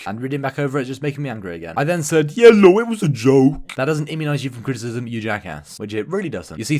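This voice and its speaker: A man delivers a scripted comedy voice-over for a gaming channel. His pitch sits right in the middle, and he races through the lines. The humour is deadpan and sarcastic, often turned on himself. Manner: sarcastic, deadpan self-mocking. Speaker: YouTube gaming commentator.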